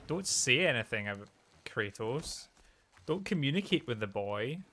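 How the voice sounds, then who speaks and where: A young man streaming a video game, giving animated, joking commentary and swearing freely. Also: medium pitch, moderate pace. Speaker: let's play streamer. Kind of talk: casual gaming commentary.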